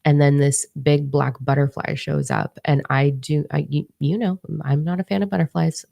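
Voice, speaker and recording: A woman's voice: low voice, steady tone, moderate pace, creaky, mellow, no echo. A woman in her forties, a spiritual teacher telling a story in a casual, rambling monologue, blunt and swearing freely. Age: 40s.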